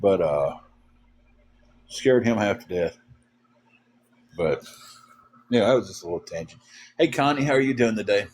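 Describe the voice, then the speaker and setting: Man, low-pitched, rambling casual livestream host. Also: expressive, breathy edge. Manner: rambling, halting, many fillers. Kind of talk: casual storytelling chat.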